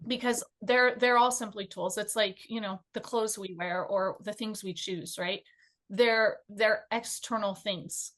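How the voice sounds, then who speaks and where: A chatty woman co-hosting a spiritual panel discussion. She talks in an animated, conversational flow at a mid pitch, full of fillers and small giggles. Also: measured pace.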